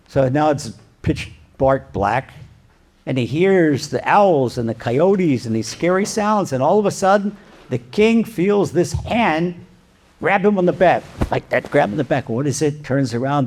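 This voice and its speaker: A male rabbi delivering a sermon and telling a parable. His voice is gravelly and somewhat high. He asks rhetorical questions and talks animatedly. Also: darkish tone. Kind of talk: sermon with storytelling.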